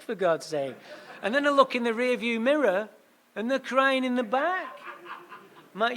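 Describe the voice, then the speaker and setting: A man with a high-pitched voice tells his story at a recovery meeting. He talks in punchy, animated bursts and throws quick asides to the room. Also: slight background noise. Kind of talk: storytelling talk.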